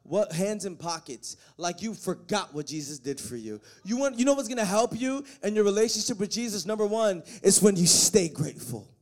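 A man preaching a sermon, joking with the congregation and swelling into shouted, half-sung passages. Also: high-pitched, animated, normal speed, hardly any pauses. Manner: joking asides to the band and congregation. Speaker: pastor. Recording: faint music behind.

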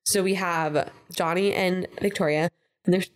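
A woman's voice: lowish voice, steady tone, normal speed. Chatty woman podcaster recapping a show. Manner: chatty, acts out quotes in playful voices. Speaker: podcast co-host. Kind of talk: casual chat recapping a reality show.

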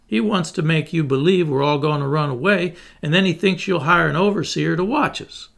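An enslaved man pleading earnestly with his master, as a male narrator voices him, full of protest. The voice is a somewhat high male voice with a creaky, gravelly texture. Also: brisk, fairly bright tone.

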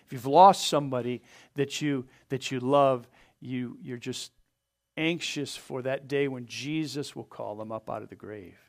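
A man pastor preaching a sermon, earnest, pressing his points hard and then letting them fall soft. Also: medium pitch, unhurried. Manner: earnest preaching with rising emphasis and soft drop-offs; asks the congregation to open their Bibles.

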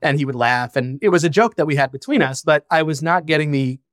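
A man's voice: fairly high pitch, fast, a bit bright, no room sound, clean studio sound. A man speaking as a podcast guest, a founder and father who talks frankly and reflectively and swears casually. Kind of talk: candid conversational interview.

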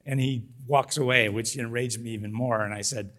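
A middle-aged man, a business founder, telling his story as an interview guest with lively energy, laughing often and acting out what people said. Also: mid-range voice, a little fast. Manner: animated, laughs often, acts out quotes.

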